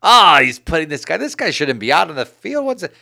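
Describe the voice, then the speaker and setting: A man plays a grumbling British football fan in a put-on British accent, complaining loudly about the team's manager. He sits higher and louder than his usual talking voice. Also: big pitch swings, a little fast, gravelly, heavily acted. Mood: exasperated. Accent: British (attempted).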